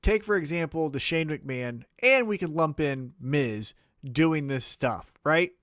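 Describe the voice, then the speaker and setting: A man's voice: a little high, animated, a little slow, a bit bright, no echo, studio quality. A man co-hosting a wrestling podcast in casual chat, talking with profanity and acting out mock quotes.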